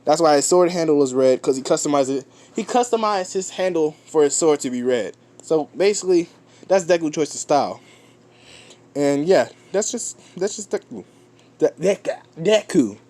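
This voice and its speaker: A man retells a fan story in a loose, rambling way, often backing up and restarting his sentences. He swears offhand, and his voice sits a touch high for a man. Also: lively intonation, normal speed, darkish tone.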